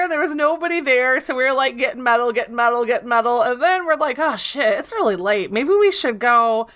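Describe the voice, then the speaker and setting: Woman co-host, bright and animated, recounting game nights casually. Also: high voice, moderate pace. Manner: animated storytelling with laughter. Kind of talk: casual gaming chat.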